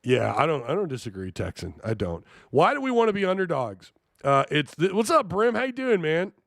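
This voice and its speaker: An animated male sports host talks on a live stream, his pitch leaping around as he reacts in disbelief to the news and jokes with chat. His voice sits fairly high for a man. The sound is close and dry, with no room echo. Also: brisk, creaky. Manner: animated, incredulous, jokey with chat. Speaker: sports talk show host.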